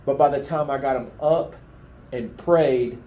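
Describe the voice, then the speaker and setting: A man giving a heartfelt, halting testimony in an interview, his emotion showing as he speaks. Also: mid-range voice, mellow, slight background noise. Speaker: flood survivor giving testimony. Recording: roomy echoing room.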